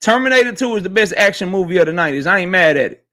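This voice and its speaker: High, bright-voiced livestream host. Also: male voice, racing. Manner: slangy, animated, reading and answering chat. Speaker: host of a boxing talk livestream. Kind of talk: casual livestream chat.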